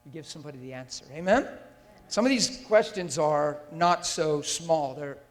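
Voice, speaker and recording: A slightly high-voiced man preaches at a moderate pace into a handheld or stand mic. The large church hall gives a long reverb as he speaks intensely and emphatically, often asking his listeners if they follow.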